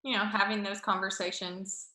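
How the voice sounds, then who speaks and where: A woman's voice: medium pitch, flat delivery, normal speed, pushed and bright, low-quality recording. A woman on a team video call, chiming in casually as a coach.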